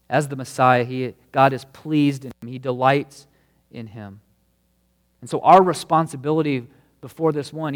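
Pastor, man, mid-range voice, delivering an emphatic, earnest sermon in a reverberant church hall. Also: medium pitch. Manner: earnest, emphatic preaching with stresses on key words.

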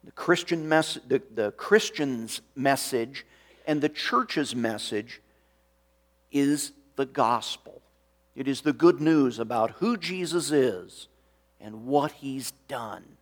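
A man preaching a sermon in a slow, measured way, reading scripture aloud. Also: medium pitch, expressive. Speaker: pastor.

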